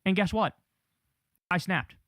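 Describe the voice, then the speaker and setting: A man's voice: high-pitched, a little slow, a bit bright, no room sound, studio quality. A man hosting a live political news stream, ranting heatedly and swearing as he reads headlines. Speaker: political show host.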